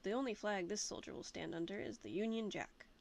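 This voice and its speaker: A woman's voice: medium pitch, brisk, vocal fry, a little mellow. A woman voicing a stiff, reserved male ghost who was an army captain, speaking in a clipped, formal way. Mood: stern.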